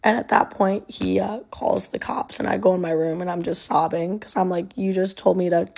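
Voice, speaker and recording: A young woman telling a painful personal story to camera in a halting, casual way, full of ums and restarts. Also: on the low side, steady tone, vocal fry, a little mellow.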